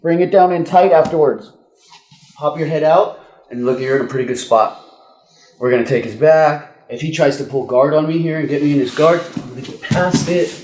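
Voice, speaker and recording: A man's voice: on the high side, brisk, darkish tone, roomy sound, slight background noise. A man teaching jiu-jitsu escapes in a casual demo, often checking in with "okay?" and sometimes strained for breath while caught in a choke. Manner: casual, repeats words and says "okay?" often. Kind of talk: instructional technique demo. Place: training gym, indoors.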